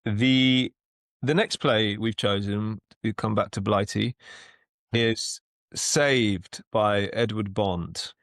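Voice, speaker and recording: A man talks casually on a podcast, his voice sitting on the low side. He tells stories in a halting, chatty way, repeating words as he goes. The sound is dry and close, with no room around it. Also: a bit bright, dry recording. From London, England. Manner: anecdotal, restarts and repeats words often. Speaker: actor and podcast co-host.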